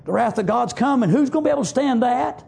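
A man preaching a fiery sermon in a church, punctuating it with shouted amens. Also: extremely high pitch, animated, fast, gravelly. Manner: emphatic, shouting refrains, frequent amens. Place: church sanctuary.

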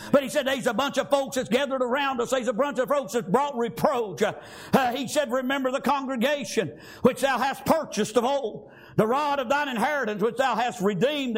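A man preaching a sermon, shouting out emphatic lines and punctuating them with frequent amens. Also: very high voice.

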